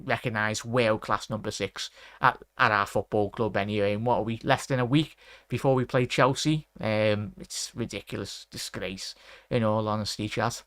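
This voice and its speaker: A man hosting a casual live fan stream, rambling, giving shout-outs to viewers and ranting in frustration. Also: on the low side, steady tone, moderate pace, no room sound, studio quality. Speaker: host of a fan watchalong stream.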